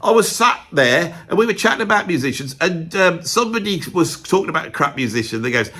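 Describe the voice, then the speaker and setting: A man's voice: high-pitched, animated, a little fast, few pauses, bright, forceful tone, slightly rough. A man, middle-aged, counting down his favourite musicians in a chatty, rambling and emphatic way, peppered with "right". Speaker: musician and video host. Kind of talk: opinionated music countdown vlog.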